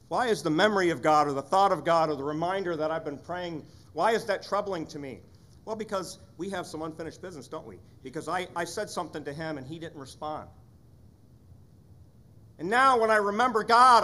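Earnest man preaching, slightly high voice. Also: a little fast, sharp tone. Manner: earnest, conversational preaching with rhetorical questions. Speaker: pastor. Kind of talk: sermon.

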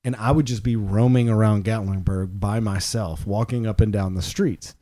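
A man's voice: lowish voice, fairly even intonation, normal speed, dark tone. A young adult man, a podcast co-host, telling a long rambling anecdote in casual chat and laughing as he goes. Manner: rambling anecdote teller, laughs mid-sentence.

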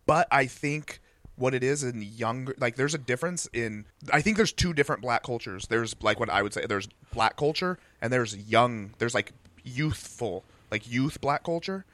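A man's voice: medium pitch, expressive, normal speed, fairly bright tone, no echo. Rambling guy comedian, dry close sound. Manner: rambling, many "like" fillers, laughs easily. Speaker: stand-up comedian, guest. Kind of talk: casual podcast chat.

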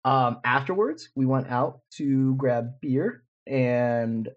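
Speaking slowly at medium pitch, a podcast co-host in his 20s meanders through a laid-back story full of filler words. The audio sounds dull.

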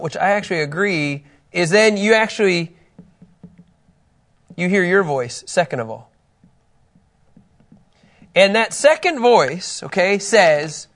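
A man teaching a Bible lesson to a small group, conversational and lively, acting out people's doubts and putting questions to his listeners. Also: high-pitched.

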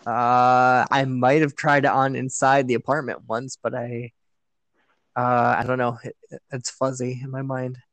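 A man's voice: mid-range voice, level tone, a little slow, a bit bright, no echo. A man chatting as a guest on a podcast, hesitant and full of fillers, often laughing as he recalls things. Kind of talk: casual chat.

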